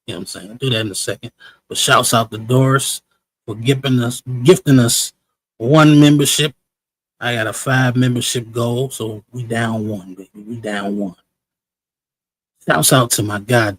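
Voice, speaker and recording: A man's voice: medium pitch, a bit bright, poor audio. Slangy, chatty male stream host. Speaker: livestream show host. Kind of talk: casual live-stream commentary.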